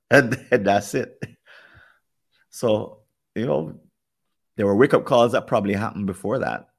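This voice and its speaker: A man's voice: fairly low pitch, creaky. A man with a Jamaican accent, talking things through thoughtfully on a podcast, often restarting his sentences. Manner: thoughtful, speaks in halting restarts. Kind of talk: podcast conversation.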